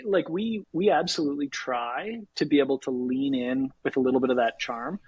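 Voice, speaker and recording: A Canadian man with a slightly husky, breathy voice, chatting with energy in a casual podcast. He laughs easily and acts out sales calls in lively quotes. The sound is dry and close to the mic. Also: medium pitch, normal speed, no echo, muffled recording. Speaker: podcast guest, sales executive.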